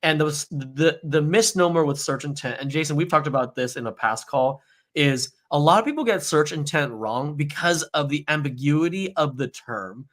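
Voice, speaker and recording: A man's voice: fairly high pitch, normal speed, fairly bright tone. A man who is a guest on a podcast, speaking casually with many "like" and "you know" fillers. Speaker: agency owner, guest. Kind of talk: conversational interview.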